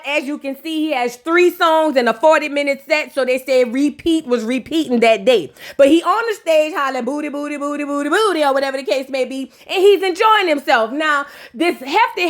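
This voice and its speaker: A woman hosting a casual comedic recap of a reality show, sassy and full of roasting jokes. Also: sits high. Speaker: reality TV reviewer.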